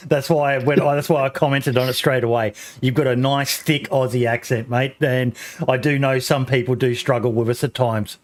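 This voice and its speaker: A man's voice: medium pitch, fairly even intonation, moderate pace, hardly any pauses. A man hosting a podcast in casual chat, friendly and encouraging toward his guest. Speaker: podcast host.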